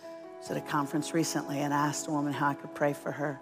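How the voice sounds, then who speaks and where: A woman's voice: sits low, level tone, fast talker, music in the background. A woman preaching as a guest speaker, telling a story with humor, poking fun at herself and acting out what people said. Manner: humorous, self-deprecating storyteller who acts out quotes. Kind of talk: storytelling sermon.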